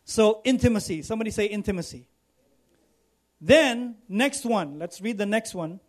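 A man's voice: high-pitched, expressive, moderate pace. A man preaching a sermon, repeating phrases for emphasis and calling for responses from the congregation. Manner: preaching with rising emphatic repetition. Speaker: pastor.

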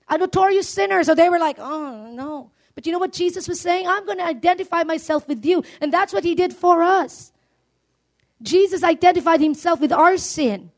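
A woman's voice: on the high side, darkish tone. A woman preaching a sermon, earnest and emphatic, building up through repeated appeals.

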